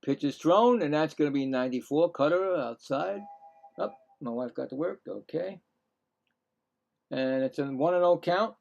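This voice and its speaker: A man's voice: on the high side, lively intonation, normal speed, vocal fry, a little mellow, lo-fi sound. A middle-aged man giving casual live baseball play-by-play, rambling and correcting himself with chatty asides. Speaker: play-by-play streamer.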